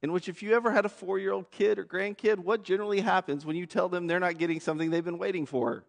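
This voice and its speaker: Pastor, man, 30s, slightly high voice, chatty self-deprecating sermon, long church reverb. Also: steady tone, quick pace, creaky. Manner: conversational, self-deprecating, repeats words when starting a thought. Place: church sanctuary.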